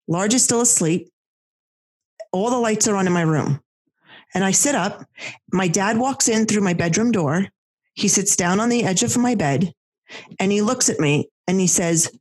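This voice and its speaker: A woman, telling a personal story in casual chat, animated and full of fillers and restarts. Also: medium pitch.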